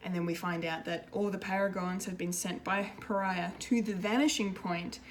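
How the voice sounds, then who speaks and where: A woman reviewing a TV episode in a casual, rambling way, excitable and full of fillers and restarts. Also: mid-range voice, normal speed, a little hiss or hum. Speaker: pop culture reviewer, show regular.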